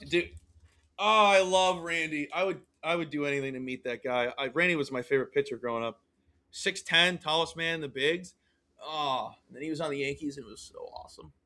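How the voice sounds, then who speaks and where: Male co-host, high bright voice, loose rambling chat about bets. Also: fairly quick. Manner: rambling, animated storytelling with laughs. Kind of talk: casual sports betting podcast chat.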